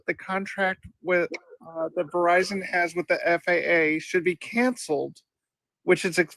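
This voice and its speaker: A man on a live-stream panel pushes back point by point in a measured way. His voice is high for a man. The sound is dry and close. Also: vocal fry, a bit bright, no room sound, poor audio. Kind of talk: casual live-stream debate.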